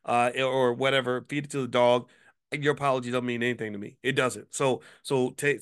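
A man's voice: mid-range voice, fairly bright tone. A man hosting a commentary video who fires off angry rhetorical questions and curses freely. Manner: promotional plugging. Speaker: host, finance commentator.

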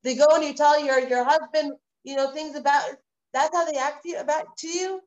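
Woman, religious class teacher, video call, somewhat high voice, animated, conversational lecturing. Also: brisk, lo-fi sound. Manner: animated, repetitive, conversational lecturing with rhetorical questions. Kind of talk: live virtual Torah class.

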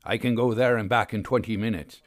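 A man voicing a steady, well-built railway signalman of thirty who speaks politely and deferentially in country speech. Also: lowish voice, a little fast, no echo, lightly acted, poor audio. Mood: earnest.

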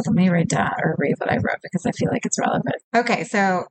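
A woman co-hosting a podcast, chatty and halting, with many fillers. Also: lowish voice, vocal fry, dry recording, poor audio. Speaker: podcast co-host. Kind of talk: casual podcast chat. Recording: dry close mic.

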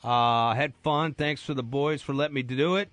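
A man's voice: medium pitch, normal speed, fairly bright tone, no echo. A man filling in as host on a sports radio show, chatting casually in a joking, rambling, self-deprecating way at a studio mic. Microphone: studio microphone.

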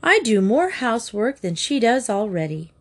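A woman's voice: on the high side, big pitch swings, normal speed, pitched above the performer's own voice. A woman reading a storybook aloud, voicing a scornful teenage girl who mocks her younger sister and her friends. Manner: mocking, haughty.

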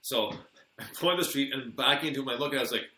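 A man hosting a live online show, telling lively anecdotes in casual chat and acting out the lines of the people in them. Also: medium pitch, rapid-fire. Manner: animated anecdotes, acts out quoted lines. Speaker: host. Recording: echoey room with faint noise.

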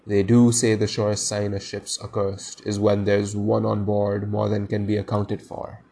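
A man's voice: on the low side, completely flat delivery, normal speed, gravelly, mellow. A man voicing a superstitious, insolent male pirate speaking ominously.

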